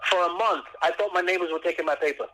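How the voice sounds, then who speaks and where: Man guest by phone, animated storyteller, high lively voice, bright. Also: fast talker, poor audio. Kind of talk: casual storytelling on a call. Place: outdoors on a porch.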